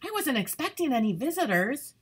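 A woman voicing a high, eager sunflower. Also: brisk, breathy edge, full character voice. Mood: delighted. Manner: bright, excited, high-pitched. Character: cheerful tall female sunflower, friendly and eager.

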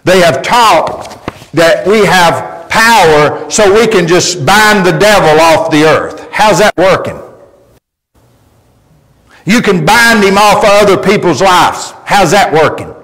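Preacher guy, kinda high voice, spinning folksy stories, lots of echo from the church hall. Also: a little slow, fairly bright tone. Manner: emphatic, folksy storytelling preacher. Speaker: pastor. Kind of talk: sermon. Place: church sanctuary. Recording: long reverb of a church hall.

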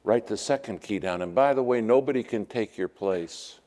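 A man preaching a sermon in a church, telling stories and acting out the quotes with lively shifts of voice. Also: fairly low pitch, moderate pace. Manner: storytelling with lively acted-out quotes. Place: church sanctuary. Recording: long hall reverb.

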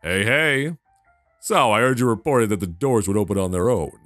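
A man voicing a deadpan male store manager in a video game, speaking in a lowered, matter-of-fact voice. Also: moderate pace, no room sound, soft background music.

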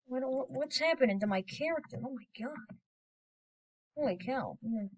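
A woman giving casual gameplay commentary as a video creator, rambling and excitable, with sudden loud exclamations. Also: sits high, moderate pace, husky, low-quality recording.

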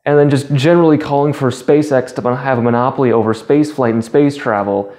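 A man hosting his own channel, delivering a commentary monologue with sarcastic, deadpan asides. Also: medium pitch, a little fast. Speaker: YouTube channel host.

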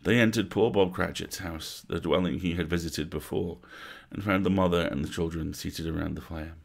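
A man reads a classic tale aloud as a bedtime story, measured and atmospheric. His voice is very low and gravelly, with a husky, breathy grain. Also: steady tone. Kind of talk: livestreamed bedtime story reading.

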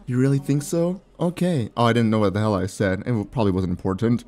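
A man's voice: medium pitch, sing-song, fast, few pauses, warm tone. A young man with a sore mouth giving playful let's play commentary, joking, laughing often and reading game text aloud. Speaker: gaming YouTuber.

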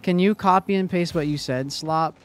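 Young male streamer, slightly high voice. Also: normal speed. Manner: chatty, reads out and answers chat. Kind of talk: casual live-stream chat while gaming.

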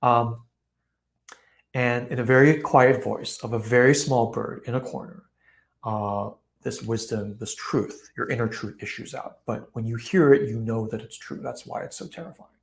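A man hosting an online live session, reflecting on a folk tale in a relaxed way, with many fillers and the odd laugh. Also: mid-range voice, moderate pace, creaky. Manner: relaxed, frequent fillers, acts out quoted voices with laughs. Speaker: host.

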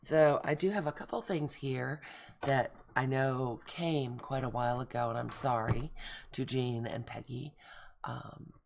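Gushing gravelly-voiced woman crafter. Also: a bass voice, measured pace, background noise. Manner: gushing, excitable, lots of oohs and gasps. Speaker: craft vlogger. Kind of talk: casual show-and-tell chat.

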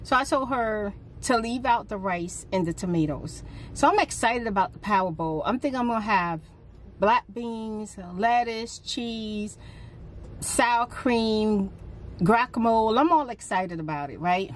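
A middle-aged woman vlogger telling a casual story, relaxed with sighing pauses, her voice jumping up when she acts out what others said. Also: slight background noise. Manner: animated retelling, pitch jumps up for quoted speech.

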